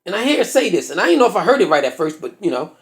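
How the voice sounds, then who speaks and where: Animated profane male stand-up storyteller. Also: high voice, racing. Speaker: stand-up comedian.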